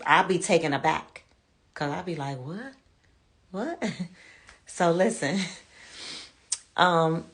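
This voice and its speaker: A woman in her fifties hosting her show, talking candidly and casually to her viewers as friends, calling them y'all. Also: deep voice. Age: 50s. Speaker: show host.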